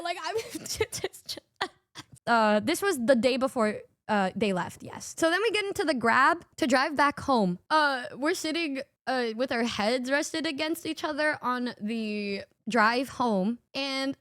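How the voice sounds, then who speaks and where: High-voiced woman telling a story. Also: a little slow, dry recording, studio quality. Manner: animated, swearing, laughing often. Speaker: streamer. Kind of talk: casual storytelling.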